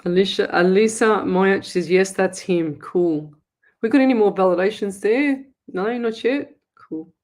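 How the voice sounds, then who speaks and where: At medium pitch and a slightly slow pace, a woman from Australia runs a live psychic show, reading viewers' comments aloud, exclaiming excitedly and laughing often between affectionate asides.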